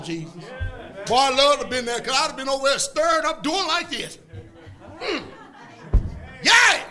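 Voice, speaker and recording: A preacher with a strikingly high, bright voice, delivering a fiery, folksy sermon. He swings between loud shouted bursts and quieter asides, often breaking into laughter.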